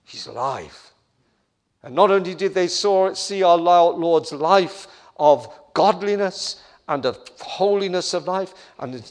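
A man preaching a sermon in a slow, deliberate cadence, stacking phrases on top of one another for emphasis. His voice sits a little high for a man, and he often turns to ask the listeners questions. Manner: emphatic, building repetition; asks the listeners direct questions.

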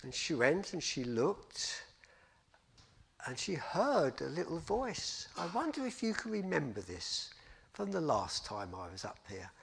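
Expressive man telling a children's story. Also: fairly high pitch, unhurried, vocal fry, a little hiss or hum. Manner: expressive, dramatic, inviting.

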